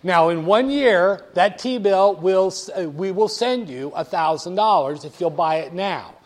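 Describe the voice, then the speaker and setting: A man's voice: high voice, expressive, unhurried. A man lecturing a class, playful and teasing, talking straight to the students.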